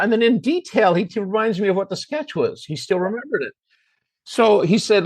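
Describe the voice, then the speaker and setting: A man's voice: on the high side, lively intonation, a little fast, dry recording. An older American man, a comedy writer, telling a long story and acting out the voices of the people in it. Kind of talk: storytelling interview.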